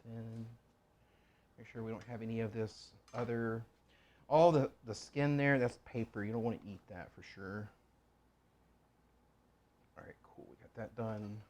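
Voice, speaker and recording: Chopping away in a home kitchen, this cooking channel host talks to himself and his audience in a rambling, joking way. His voice is lowish and a little mellow, and he keeps a measured pace with frequent pauses; a slight hiss or hum sits under the recording.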